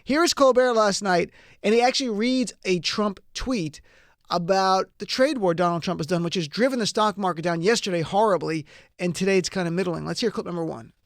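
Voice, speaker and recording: A man hosting a live radio talk show, delivering an energetic, excitable monologue with wry asides. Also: sits high, a little fast, no echo. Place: radio studio. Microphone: studio microphone.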